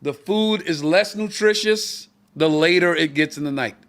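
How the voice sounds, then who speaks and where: A middle-aged male comedian co-hosting a live-streamed talk show tells a long, profane anecdote, doing the voices of everyone in it. His voice is fairly high and fairly bright, at a moderate pace.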